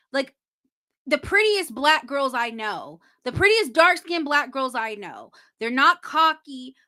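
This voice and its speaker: A woman hosting a casual livestream, chatting straight to her viewers with quick restarts. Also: high-pitched, pushed and bright. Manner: chatty, addresses viewers directly, frequent restarts. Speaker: host.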